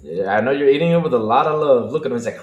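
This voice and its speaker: Excitable man co-hosting a livestream. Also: mid-range voice, very fast, echoey room, narrow, tinny audio, a little hiss or hum. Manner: excitable, repeats phrases, talks to chat. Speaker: podcast co-host. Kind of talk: casual livestream chat.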